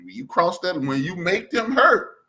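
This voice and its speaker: Man, Chicago accent, podcast co-host, blunt slangy storyteller, lively pitch, bright tone. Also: measured pace, breathy edge. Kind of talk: casual chat, storytelling.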